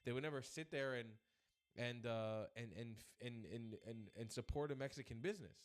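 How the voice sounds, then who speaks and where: A man's voice: mid-range voice, fairly quick, clear, resonant tone. A man hosting a live stream, giving heated, crude, repetitive ranting commentary on clips.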